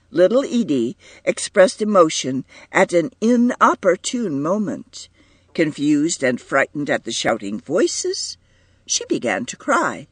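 A man's voice: fairly high pitch, a bit bright, breathy edge, dry recording. A man narrating a story in an audiobook, reading expressively.

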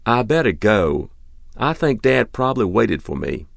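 A man's voice: on the low side, very animated, unhurried, creaky, dry recording, voice pushed up, exaggerated voice. A man voicing a shy, earnest, polite boy. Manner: quiet, polite denials.

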